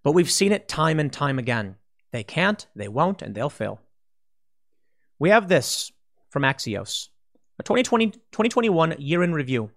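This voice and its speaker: A man hosts a political commentary monologue, his fairly high voice swinging widely in pitch. He makes emphatic, sweeping declarations and often restarts sentences or slips into quoted asides. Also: big pitch swings, moderate pace, a bit bright.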